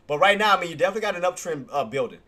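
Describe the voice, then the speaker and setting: Day-trading streamer, male, bright and animated, excitable with a salty mouth, keeps repeating himself. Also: high-pitched, very fast. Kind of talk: live trading commentary.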